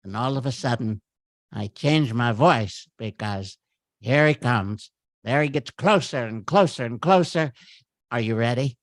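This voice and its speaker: This party host, at a virtual party at home, puts on a lightly acted campy middle-aged comedian voice and gushes gleefully over a photo slideshow, giggling and tossing in chatty asides. His voice is medium-pitched with lively intonation and a little slow, recorded cleanly in a studio with no echo.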